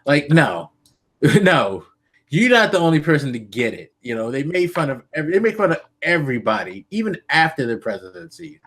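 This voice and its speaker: A man co-hosting a casual political podcast, earnest and hesitant, pausing on frequent ums as he works through his points. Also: on the high side, very animated, fairly bright tone, breathy edge. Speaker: podcast co-host.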